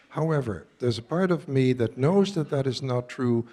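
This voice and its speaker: Man in his 70s, earnest, direct, live talk to a crowd, middle pitch. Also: moderate pace, dark tone. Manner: earnest, direct, quizzes listeners. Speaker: workshop speaker.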